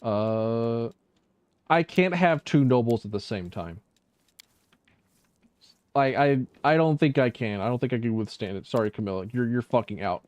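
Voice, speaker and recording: A man's voice: mid-range voice, expressive, moderate pace, pauses often, darkish tone, no echo. A man streaming a video game, talking casually in a rambling, profane, self-mocking way. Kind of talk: casual gameplay commentary.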